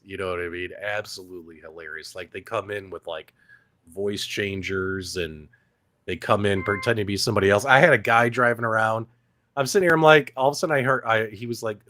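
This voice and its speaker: Low-voiced man chatting casually on a dry mic. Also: no echo. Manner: relaxed and rambling, with animated quoted voices. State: recovering from being sick. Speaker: co-host. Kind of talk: casual live-stream chat. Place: Arizona.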